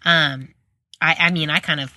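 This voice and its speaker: Rambling, friendly woman host, thirties, lower bright voice. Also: steady tone, moderate pace. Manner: chatty, rambling, self-deprecating. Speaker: podcast host. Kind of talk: casual conversational interview.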